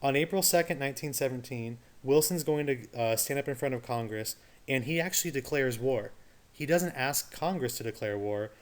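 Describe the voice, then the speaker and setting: A man teaches a history lesson in a relaxed, conversational voice. He keeps putting rhetorical questions to his students and drops casual asides as he explains. His voice sits at an ordinary middle pitch. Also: normal speed. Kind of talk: recorded history lecture.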